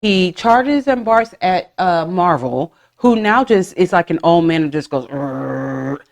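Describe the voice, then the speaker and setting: A woman's voice: lowish voice, a little slow. A woman in her forties hosting a podcast, telling stories in casual chat and slipping into voiced asides, with frank swearing. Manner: animated storytelling with voiced asides and profanity. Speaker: podcast host.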